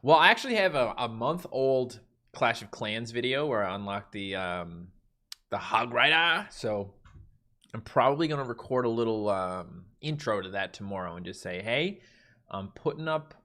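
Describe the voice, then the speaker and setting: A man's voice: mid-range voice, animated, moderate pace, sharp tone. A man from Newfoundland with a Newfoundland accent, chatting casually on a livestream from a mostly empty carpeted room and answering viewer chat. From Newfoundland, Canada. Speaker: livestream host.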